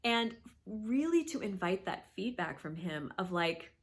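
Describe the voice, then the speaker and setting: A woman in her thirties, a therapist and host, explaining conflict and apology in an earnest, emphatic talk that sometimes drops to a soft whisper. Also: medium pitch, animated, unhurried. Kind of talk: warm instructional talk to camera.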